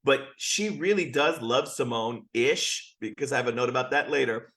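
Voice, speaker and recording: A man as guest co-host in casual recap chat, giving relaxed commentary and frequent short agreements. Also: medium pitch, moderate pace.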